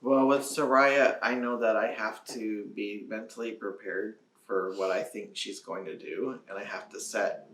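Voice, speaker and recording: A father speaking in a casual parenting talk, measured and matter-of-fact. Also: fairly low pitch, steady tone, a bit bright. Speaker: co-host, father. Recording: echoey room.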